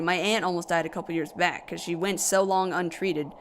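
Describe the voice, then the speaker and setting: A woman's voice: lowish voice, fairly quick, few pauses, slight background noise. A woman hosting a let's play video, chatting casually between lines of game text. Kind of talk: casual gameplay commentary.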